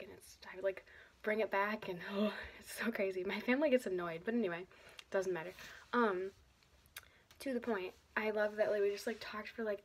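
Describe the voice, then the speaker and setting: A woman's voice: mid-range voice, breathy edge. Rambling bubbly young woman vlogging. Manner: rambling and chatty, many fillers, drifting off topic; bubbly, laughs often. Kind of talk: casual vlog addressed to her cousin. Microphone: camera she is filming herself with.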